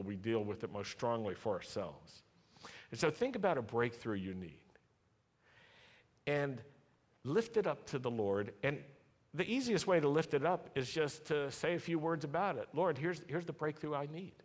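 Slow, deliberate pastor leading prayer. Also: male voice, medium pitch. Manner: leads call-and-response prayer, slow and deliberate. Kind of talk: sermon with congregational prayer. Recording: long hall reverb.

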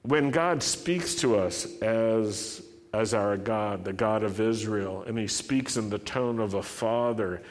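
A man's voice: on the low side, slow, hardly any pauses, big-room sound. A man preaching a sermon, driving his points home with emphatic, repeated rhetorical questions.

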